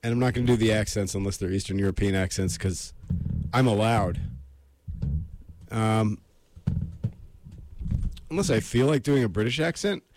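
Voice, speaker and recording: A man's voice: on the low side, normal speed, pauses often, darkish tone, slight background noise. An American man hosting a casual solo show, rambling with self-deprecating asides before reading a book aloud. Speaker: podcast host reading aloud.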